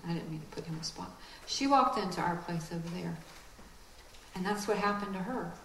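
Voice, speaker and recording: A woman giving a lively, conversational sermon with quick asides. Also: fairly low pitch, reverberant, a little hiss or hum, poor audio. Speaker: speaker.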